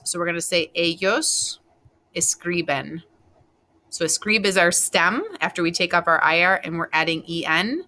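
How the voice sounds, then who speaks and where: A woman's voice: lowish voice, bright, forceful tone. A woman teacher giving a recorded Spanish class, patiently explaining verb endings step by step and spelling them out letter by letter.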